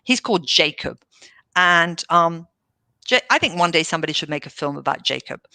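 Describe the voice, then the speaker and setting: A woman's voice: lowish voice, lively intonation, a little fast, sharp tone, no room sound. A woman, a managing director guesting on an interview podcast, telling stories with enthusiasm and acting out quoted dialogue. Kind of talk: casual interview storytelling.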